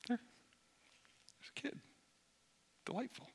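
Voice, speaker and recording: A middle-aged man preaching a sermon in a conversational way, dropping at times to a hushed near-whisper. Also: slow. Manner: conversational, shifts between loud emphasis and hushed near-whisper. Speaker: pastor.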